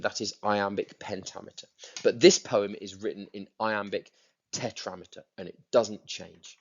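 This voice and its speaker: Lo-fi audio captures a male teacher's fairly low voice at a moderate pace as he guides students through a poem. He repeats words to drive them home and taps out the meter.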